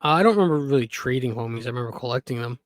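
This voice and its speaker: A man's voice: animated, rapid-fire, no room sound. Podcast guy, short chill answers, dry close mic. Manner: brief low-key replies and backchannels. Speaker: podcast co-host. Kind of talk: casual chat.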